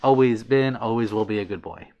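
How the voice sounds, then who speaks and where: A man's voice: fairly low pitch, brisk, dull audio. Giggly, bashful man streamer. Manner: playful, giggly, bashful about compliments. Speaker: livestream host. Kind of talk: casual chat reading out viewer comments.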